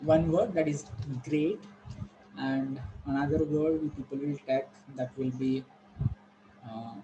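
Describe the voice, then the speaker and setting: A male teacher giving a classroom pronunciation lesson, patiently repeating words slowly and quizzing the class. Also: fairly high pitch, mellow, slight background noise, rough recording. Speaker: English teacher.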